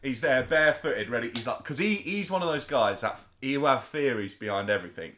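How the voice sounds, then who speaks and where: A man, co-hosting a podcast and telling a story in an animated, chatty way. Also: medium pitch, a little fast, a little hiss or hum. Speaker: podcast co-host. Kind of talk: casual storytelling chat.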